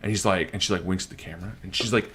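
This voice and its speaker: Low-voiced man telling stories loosely. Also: rapid-fire, a bit bright. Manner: loose, swearing, rambling storytelling full of fillers. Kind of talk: casual chat.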